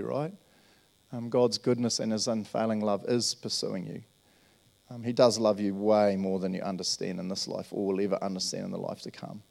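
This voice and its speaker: Gravelly New man preaching. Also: lowish voice, a little mellow. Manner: earnest, storytelling, checks in with "right?". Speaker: pastor. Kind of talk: conversational sermon.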